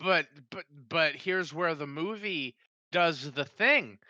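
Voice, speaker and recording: Podcast co-host, man, slightly high, bright tone. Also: dull audio. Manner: quick, joking corrections. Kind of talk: casual movie review chat.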